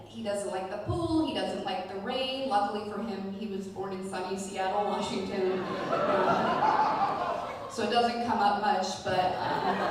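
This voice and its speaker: Stand-up comedian, female, deadpan delivery; live hall recording, distant mic, audience noise. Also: medium pitch. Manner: deadpan storytelling with filler ums.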